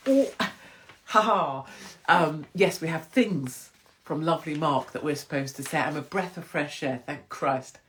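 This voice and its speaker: A woman's voice: low-pitched, measured pace, a little hiss or hum. A woman hosting a casual livestream chat, cheeky and self-mocking, laughing often. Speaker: livestream host.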